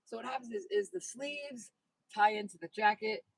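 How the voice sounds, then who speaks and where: A woman's voice: mid-range voice, normal speed, vocal fry, no room sound, low-quality recording. A woman host chatting casually on a phone livestream outdoors by a horse paddock, upbeat and reading out viewer comments. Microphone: phone held in hand.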